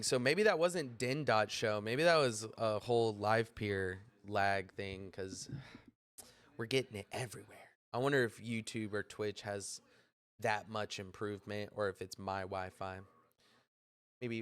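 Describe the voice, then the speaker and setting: A man's voice: on the low side, measured pace, a bit bright, smooth, no room sound. Guy streaming live, chatting loose and rambly with his viewers, dry close sound. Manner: rambling, talking to chat while fixing stream lag. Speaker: livestream host. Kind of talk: casual livestream chat.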